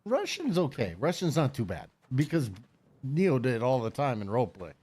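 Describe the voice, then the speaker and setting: Profane rambling middle-aged streamer. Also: male voice, medium pitch, big pitch swings, normal speed, darkish tone, slight background noise. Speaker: streamer host. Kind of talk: casual chat on game stream.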